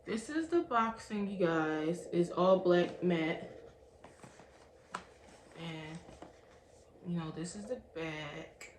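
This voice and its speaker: Slow-talking young woman vlogger, echoey room. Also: fairly low pitch, animated. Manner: chatty, keeps addressing viewers as "y'all". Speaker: beauty vlogger reviewing a product. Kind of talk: casual unboxing review. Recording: echoey room with faint background hiss.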